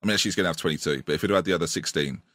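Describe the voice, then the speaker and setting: A man's voice: low-pitched, very fast, a bit bright, no echo. A man co-hosting a casual football podcast, wry and opinionated, with joking asides to the listeners. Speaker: podcast co-host.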